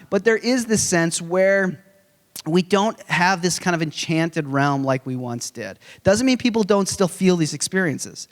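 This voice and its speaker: A man in his forties, giving a conference lecture in a conversational, animated way with humorous storytelling. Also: on the high side. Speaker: conference speaker. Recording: long reverb of a large hall.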